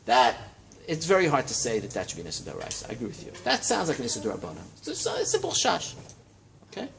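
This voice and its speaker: A man teaching a Talmud class in a study hall, lecturing in a lively way and checking in with his students. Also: medium pitch, fast talker, creaky. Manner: animated, lively teaching with frequent check-ins and rising emphasis.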